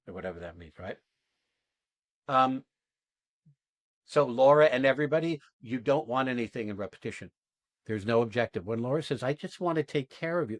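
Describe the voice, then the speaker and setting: A man in mid-range pitch gives frank feedback as an acting coach, jumping into lively quoted lines before falling back to plain explanation. His talk is loose and casual, with tag questions and the odd curse. The sound is close and dry, with no room around it. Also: dry recording. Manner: animated, acts out quoted lines in lively bursts. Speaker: acting coach and podcast host. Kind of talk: coaching feedback after an exercise.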